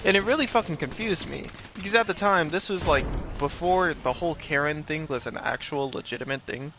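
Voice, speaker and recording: A man's voice: fairly high pitch, a little fast, noisy background. A man telling a rambling, profane story in a casual way, with lots of fillers. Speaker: streamer.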